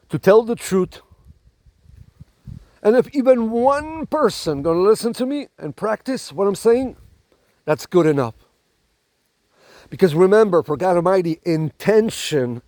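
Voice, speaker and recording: Dramatic preachy man with a high voice. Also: a little mellow, dry recording. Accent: non-native accent. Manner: dramatic, preachy, repeats "my galactic family"; emphatic, with restarts and repetition. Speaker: spiritual channel host. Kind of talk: spiritual monologue to camera.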